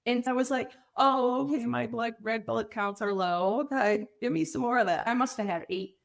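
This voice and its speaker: A middle-aged woman, a podcast guest, telling her story candidly and acting out the quoted dialogue with lively voices. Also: fairly high pitch, normal speed, gravelly. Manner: animated, acts out quoted dialogue.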